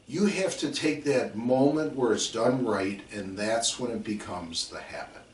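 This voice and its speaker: A middle-aged football coach lectures in a medium-pitched, unhurried voice, with a little hiss or hum on the recording. Emphatic and repetitive, he repeats drill calls, tells stories, and acts out his players. The distant mic gives the sound a roomy quality.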